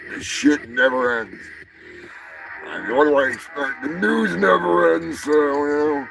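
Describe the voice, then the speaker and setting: A man hosting a comedy news livestream, swearing and ranting with mock anger, swinging between shouts and mutters. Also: on the high side, expressive, unhurried, gravelly, faint music behind, low-quality recording. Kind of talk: crude ranting livestream banter.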